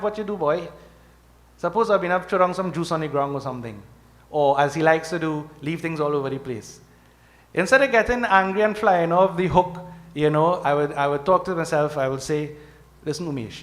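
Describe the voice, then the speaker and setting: A man's voice: high voice, fairly bright tone. A middle-aged man preaching to devotees at a temple, speaking conversationally and often checking in with "okay?" and "right?". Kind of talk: sermon.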